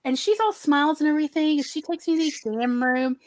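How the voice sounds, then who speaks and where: A woman hosting a casual talk show, telling a personal story in a lively way and acting out other people's lines in shifting voices. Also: high-pitched, fast, no room sound. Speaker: podcast host telling a story.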